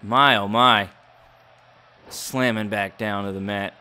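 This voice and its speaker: Bright excitable man calling wrestling game. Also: lowish voice, slow, clear, resonant tone. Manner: excitable, mock wrestling announcer. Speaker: gaming YouTuber. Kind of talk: play-by-play game commentary.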